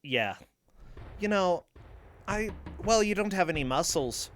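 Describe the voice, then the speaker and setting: A man's voice: high voice, lively intonation, unhurried, a bit bright. A man co-commentating a game stream, chatty with joking asides.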